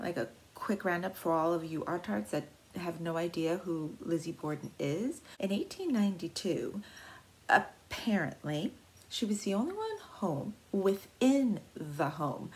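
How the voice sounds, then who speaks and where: A woman's voice: fairly low pitch, very animated, unhurried, a little mellow. A woman vlogger telling an art history story in a casual, playful way, with slangy wording and dramatic asides.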